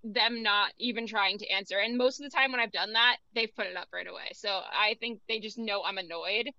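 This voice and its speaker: A woman's voice: mid-range voice, brisk, sharp tone, no room sound, lo-fi sound. A young woman co-hosting a college radio show, chatting casually with lots of "like" fillers. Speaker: radio co-host.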